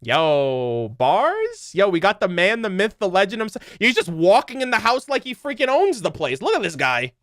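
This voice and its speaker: A young male streamer rambles in a loose, joking way, laughing often and swearing casually. His voice sits fairly high and sounds clear and smooth. The sound is dry and close to the mic. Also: very animated, normal speed, hardly any pauses, a bit bright, no room sound. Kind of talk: casual livestream chat.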